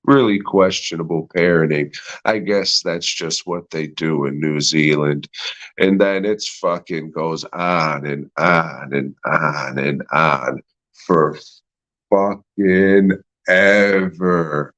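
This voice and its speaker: A man's voice: extremely low pitch, steady tone, slow pace, a bit bright. A man hosting a podcast alone, rambling through a profane, sarcastic movie review and laughing at his own jokes. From United States. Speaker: podcast host. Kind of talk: solo movie review rant.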